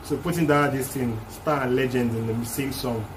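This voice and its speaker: A man's voice: mid-range voice, fairly even intonation, fairly quick, few pauses, noisy background. A man hosting a music reaction video, casually explaining rap lines one by one in a loose, chatty way.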